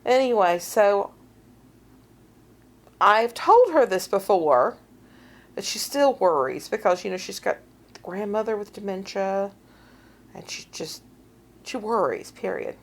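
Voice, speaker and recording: A middle-aged woman co-hosting a podcast, casually telling a story and acting out quoted voices with big swings in pitch. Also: measured pace, pauses often. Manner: animated, acts out quotes with big pitch jumps. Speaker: podcast co-host.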